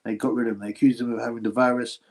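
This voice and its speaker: A man's voice: mid-range voice, little pitch movement, racing. A man hosting a casual boxing livestream, rambling, slangy and mocking, often laughing as he talks. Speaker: boxing channel host.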